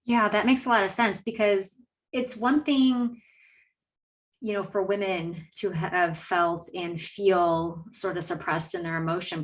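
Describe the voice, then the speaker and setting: Brief: woman host, lowish voice, measured and reflective, mic a little far off. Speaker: podcast host. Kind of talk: conversational podcast interview.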